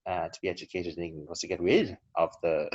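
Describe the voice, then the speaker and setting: A man speaking as a local historian guest in a relaxed interview, talking at length and chuckling between his points. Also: low-pitched, fast, breathy edge. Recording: slightly dull lo-fi recording.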